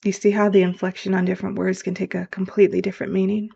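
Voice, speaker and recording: A woman's voice: mid-range voice, little pitch movement, quick pace, gravelly, warm tone, slightly rough. A woman hosting a motivational podcast as a life coach, talking earnestly and straight to her listeners. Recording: dull lo-fi sound.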